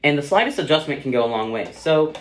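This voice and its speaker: A man's voice: on the high side, lively intonation, fast talker. Casual young man teaching saxophone, roomy sound. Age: young adult. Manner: casual, loose explanations with fillers like "you know" and "um". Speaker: music student teaching saxophone. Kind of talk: instructional demonstration. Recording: roomy echo with saxophone playing. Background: saxophone notes between phrases.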